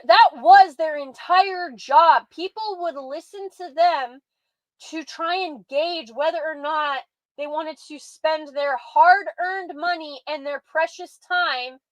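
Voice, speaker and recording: A woman with a high voice delivers sarcastic, exasperated commentary as a show host. The recording is dry and close, with no room sound. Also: no room sound, rough recording. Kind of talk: reactive commentary.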